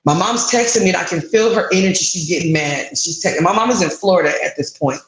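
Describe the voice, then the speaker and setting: A woman's voice: on the low side, fast, reverberant, low-quality recording. A woman in her thirties candidly recounting a frustrating personal experience in an interview, with emotion in her voice. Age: 30s. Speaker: guest sharing her story.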